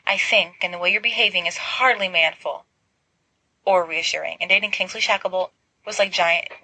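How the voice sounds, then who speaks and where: Female reader as a weary, tart young woman in a podfic; bright, dry-sounding. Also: fairly low pitch, moderate pace, breathy edge, dry recording, heavily acted, rough recording. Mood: exasperated. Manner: tired, tart and sarcastic. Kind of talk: podfic reading.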